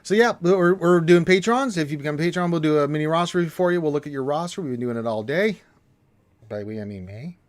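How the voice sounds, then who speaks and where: A man's voice: a little high, expressive, fast. A man hosting a live stream in casual chat, joking, rambling and reading out viewer comments. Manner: joking, rambling, loud bursts.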